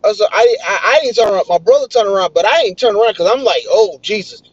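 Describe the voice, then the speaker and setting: High-voiced excitable man. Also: quick pace, no echo. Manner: excitable, animated retelling. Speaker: vlogger. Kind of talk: casual storytelling. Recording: dull, lo-fi dry recording.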